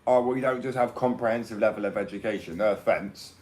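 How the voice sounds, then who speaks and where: A man's voice: fairly low pitch, fast talker, a little mellow, poor audio. A young man with an English accent, talking in a brash, rambling casual rant and swearing freely. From England.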